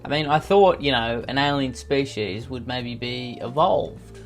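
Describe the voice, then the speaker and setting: A man's voice: medium pitch, a little slow, faint music behind. A man hosting a comedic online video, talking in a sarcastic, self-mocking, joking way. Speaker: YouTuber host. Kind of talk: comedic vlog commentary.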